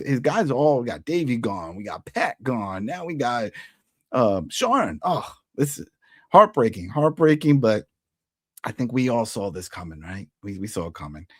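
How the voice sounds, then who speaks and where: A man hosts a casual recap of a TV episode, talking in a lively, swinging voice. He keeps slipping into quick put-on voices for the characters as he retells scenes. The sound is dry and close. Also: medium pitch, husky, no echo. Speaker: TV recap host.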